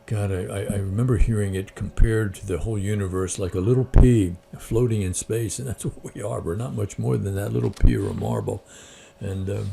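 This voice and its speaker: A man's voice: sits low, gravelly, warm tone. A man who hosts a Christian channel, reading a story aloud and then reflecting on it, often hesitant with fillers. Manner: hesitant with fillers when speaking freely.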